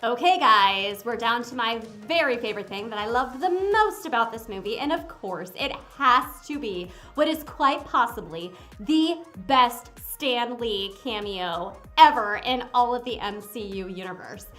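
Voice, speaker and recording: A woman giving a casual movie review, chatty and animated, talking straight to her viewers. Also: on the high side, faint music behind. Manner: animated and exclamatory, breaks into quick impressions; chatty, addresses viewers directly.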